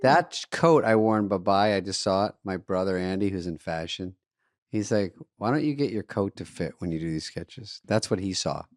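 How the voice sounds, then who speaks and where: Low-voiced man with a dry wit. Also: expressive, normal speed, dry recording. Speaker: podcast co-host. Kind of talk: casual comedic chat.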